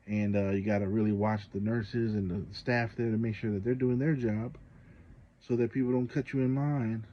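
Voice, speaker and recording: Husky, low-voiced man, casual vlogger, exasperated and indignant, muffled lo-fi audio. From Samoa. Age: adult parent. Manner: indignant, exasperated storytelling with rising outbursts; frequent fillers and restarts, conversational. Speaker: channel host. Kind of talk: casual vlog monologue.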